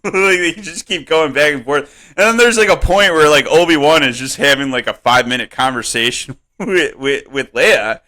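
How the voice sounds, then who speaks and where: A man co-hosting a comedy podcast, rambling and swearing in casual chat, laughing often and jumping up in pitch when worked up. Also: moderate pace, few pauses. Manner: animated, voice jumps up when worked up. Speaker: podcast co-host.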